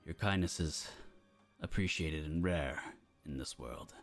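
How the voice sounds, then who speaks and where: A man voicing a weary, wounded male wanderer who speaks quietly and haltingly. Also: very deep voice, creaky, faint music behind, full character voice.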